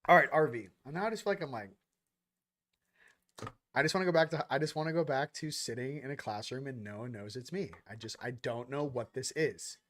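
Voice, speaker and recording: A man's voice: medium pitch, a little fast, fairly bright tone. Slangy, rambling young man. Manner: loose, slangy, rambling with quoted asides. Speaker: spiritual channel host. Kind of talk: casual livestream monologue.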